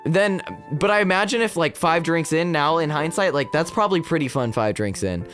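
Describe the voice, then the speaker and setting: A man's voice: on the high side, fairly quick, faint music behind. A young man streaming as a VTuber, chatting casually and rambling with lots of fillers as he tells stories. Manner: rambling, full of fillers, animated storytelling.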